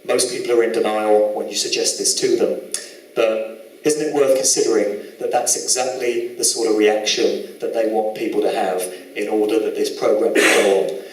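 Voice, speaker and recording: A man from the UK giving an earnest, emphatic presentation with slides, slowing down to stress key words. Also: fairly low pitch, fairly even intonation. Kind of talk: lecture with slides. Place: event hall with audience. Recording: echoey hall, mic at a distance.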